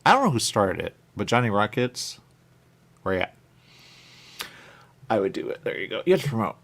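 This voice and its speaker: A man's voice: lowish voice, sing-song, fairly quick, gravelly, fairly bright tone. A man hosting a talk radio show, chatting casually in a rambling way and often checking in with "okay?". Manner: chatty, keeps saying "okay?" and "there you go".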